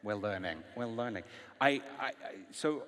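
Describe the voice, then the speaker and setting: A man's voice: lowish voice, expressive, normal speed, fairly bright tone. A man moderating an on-stage interview at a conference, enthusiastic. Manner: enthusiastic, quotes people in voices. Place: large hall with live audience. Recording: long hall reverb.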